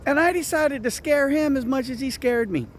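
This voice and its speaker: A man, a football coach and teacher, telling lively stories about a late friend and mentor, then speaking earnestly in tribute. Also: moderate pace, slight background noise. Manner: animated storytelling, rising high when excited, earnest when reflecting. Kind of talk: casual storytelling tribute.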